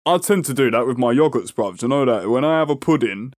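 A man's voice: medium pitch, animated, quick pace, darkish tone, no room sound, clean studio sound. A young man with a London accent co-hosting a podcast in casual, slangy banter, swearing freely and laughing often. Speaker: podcast co-host.

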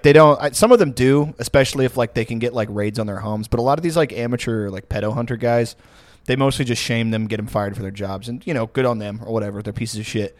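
A man's voice: mid-range voice, no echo. A man in casual podcast chat, telling rambling stories with lots of swearing and laughter. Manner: rambling storyteller, swears a lot, laughs often.

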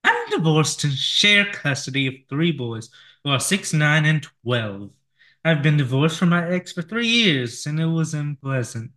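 A man with a slightly high voice co-hosts a relaxed weekend radio show. He reads quirky news items and listener letters with some halting fillers and chuckles along the way. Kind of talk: casual radio chat, reading news items aloud.

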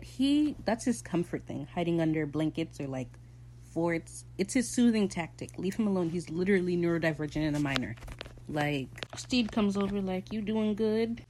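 A young woman giving a casual, excitable episode recap, swearing freely and laughing often. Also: low-pitched, slight background noise. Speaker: show recap host.

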